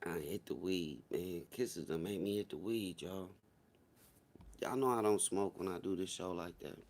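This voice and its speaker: A man hosting a casual livestream, joking and profane, swinging between loud shouts and low mutters. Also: normal speed. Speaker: livestream host.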